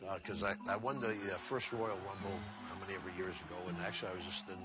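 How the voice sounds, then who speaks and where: Older man spinning a lively story. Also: low-pitched, fast talker, loud music behind the voice. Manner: animated, acts out the other people's voices. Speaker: retired wrestler. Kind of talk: anecdotal storytelling.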